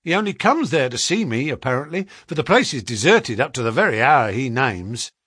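A man voicing a cheerful, eager young clerk who talks quickly and excitedly. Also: mid-range voice, breathy edge, no room sound, clean studio sound.

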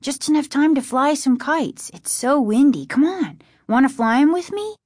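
A breathless, eager young boy voiced by a woman narrator pushes his words out in a high register. The reading is close and dry. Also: expressive, moderate pace, dry recording. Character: excited breathless young boy, little brother.

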